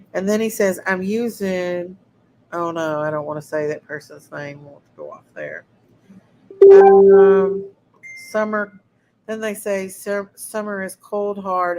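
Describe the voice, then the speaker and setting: A woman's voice: on the low side, mellow, slight background noise, low-quality recording. A woman hosting a casual livestream, talking to her chat viewers and sounding indignant. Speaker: livestream host.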